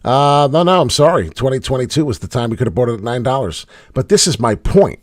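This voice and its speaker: A man hosting a casual livestream, commenting on charts in a blunt, swearing way, with loud bursts of hype and low mutters. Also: lively intonation, fast, dry recording, clean studio sound. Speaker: crypto chart host.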